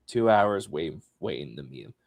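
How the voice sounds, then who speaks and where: A man co-hosting a podcast, chatting casually and telling a story with big swings between loud and soft. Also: very deep voice, very animated, brisk, vocal fry, dry recording, clean studio sound. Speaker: podcast co-host.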